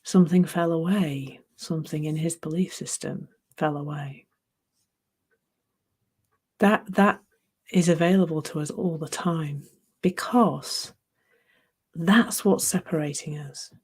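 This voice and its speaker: A middle-aged woman giving a reflective spiritual talk, musing unhurriedly, laughing at herself and dropping into soft near-whispers. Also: deep voice, takes it slowly, long pauses, husky.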